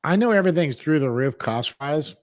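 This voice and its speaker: A man's voice: fairly high pitch, lively intonation, a little fast, no room sound, clean studio sound. A man co-hosting a talk show over a video call, ranting bluntly and cussing freely in casual chat. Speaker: co-host.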